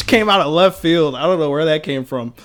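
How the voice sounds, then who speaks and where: A man with a fairly high-pitched speaking voice, chatting casually as co-host of a movie podcast. He rambles and jokes, laughing often as he talks. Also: expressive, moderate pace, a bit bright. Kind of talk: casual chat.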